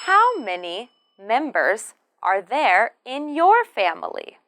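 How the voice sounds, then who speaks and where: A woman teaching English pronunciation, speaking slowly and modelling each word with careful stress. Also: on the high side, huge pitch swings, fairly bright tone, slight background noise. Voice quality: careful, drawn-out modelling of words. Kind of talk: slow, clearly enunciated pronunciation lesson.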